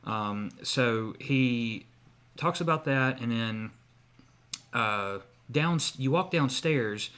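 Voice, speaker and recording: A man's voice: mid-range voice, lively intonation, extremely slow, fairly bright tone, clear, resonant tone. A man co-hosting a podcast, telling a long story in casual chat with many fillers and restarts. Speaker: podcast co-host.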